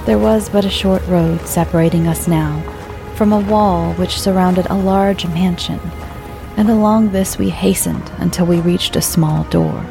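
Woman reading a spooky old story, low gravelly voice, super slow, soft music under it. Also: steady tone. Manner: measured, dark, drops into whispers for suspense. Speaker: narrator. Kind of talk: reading a classic ghost story aloud.

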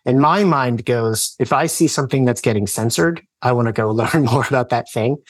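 A man's voice: medium pitch, moderate pace, no echo. A man in his thirties telling a personal story on a podcast, earnest and rambling, full of fillers and restarts. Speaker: podcast guest. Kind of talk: personal storytelling in casual chat.

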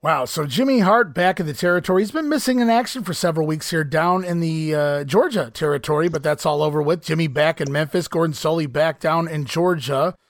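A man hosting a wrestling history podcast, animated and incredulous, often laughing as he talks. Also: on the high side, brisk, hardly any pauses. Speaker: podcast host. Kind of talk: casual podcast commentary.

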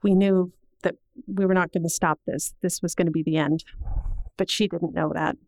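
A middle-aged woman telling a personal story to an audience in an earnest, measured way, slowing down at the heavy moments. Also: lowish voice, steady tone, a little mellow, no echo, rough recording.

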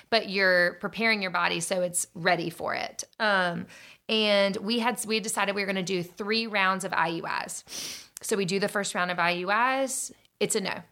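Gravelly-voiced woman telling her story. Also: mid-range voice. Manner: earnest, animated, acts out dialogue. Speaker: storyteller sharing a faith testimony. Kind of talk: personal testimony, casual storytelling.

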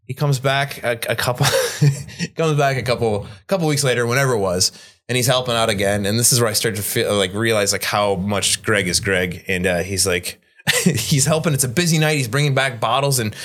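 A young man, a bartender, telling a story in casual, profane chat with lots of fillers. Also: moderate pace. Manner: animated, jumps pitch to act out other people's lines.

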